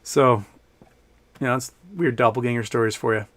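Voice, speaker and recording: A man's voice: medium pitch, fairly even intonation, moderate pace, fairly bright tone. Man, middle-aged, live-stream host at a home desk mic, loose rambling chat, laughs a lot. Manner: rambling, reading chat aloud, laughs often. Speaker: livestream host.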